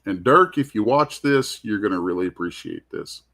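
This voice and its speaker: A fairly low, fairly bright, expressive male voice at a moderate pace belongs to a comic artist hosting an art show. At the convention booth he chats casually, telling a meandering but heartfelt story and repeatedly restarting.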